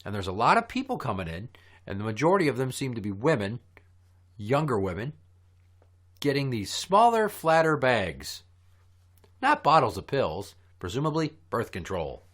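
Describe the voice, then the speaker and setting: A man hosting a podcast spins a rambling anecdote, swearing freely and building the story with lively bursts. His voice sits at an ordinary pitch for a man and carries an easy, chatty rhythm. He talks like a friend recounting a bad day. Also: normal speed. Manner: profane, animated storyteller. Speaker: podcast host. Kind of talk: casual storytelling chat.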